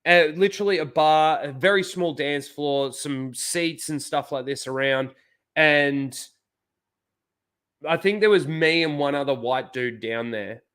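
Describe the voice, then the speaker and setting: A man's voice: fairly high pitch, measured pace, fairly bright tone, smooth. Rambling, profane Australian man. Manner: rambling, profane storytelling with many fillers. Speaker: host. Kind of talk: casual chat.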